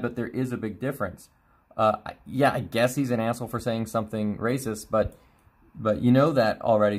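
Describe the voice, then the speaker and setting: A man co-hosting a stream, commenting casually and reading forum posts aloud with quick asides. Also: fairly low pitch. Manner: animated, quick, reads quotes in asides. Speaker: streamer co-host.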